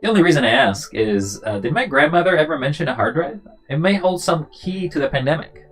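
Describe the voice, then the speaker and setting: A streamer voicing an earnest young man looking into his grandmother's past, read briskly and plainly from game dialogue. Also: mid-range voice, faint music behind. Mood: polite. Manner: brisk, flat dialogue reading. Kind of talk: reading game dialogue aloud.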